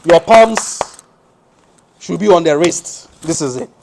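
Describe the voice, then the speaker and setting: A fairly high-voiced man gives a mosque lesson. He quizzes his listeners with rhetorical questions and answers them himself. He walks through each point step by step. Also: expressive, slow, creaky, a little mellow. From West Africa. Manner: explains step by step, shows hand positions as he speaks. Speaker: Islamic teacher.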